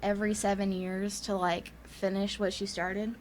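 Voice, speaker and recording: A woman's voice: mid-range voice, little pitch movement, moderate pace, a little mellow. A woman with a Southern US accent casually retelling a ghost story on a podcast, rambling with many fillers and frequent laughs. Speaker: podcast co-host.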